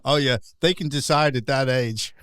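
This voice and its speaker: A man's voice: mid-range voice, normal speed, fairly bright tone, clear, resonant tone, no room sound, clean studio sound. A man hosting a casual satirical chat show, ranting and sarcastic and laughing often. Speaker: pub landlord host. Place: online show.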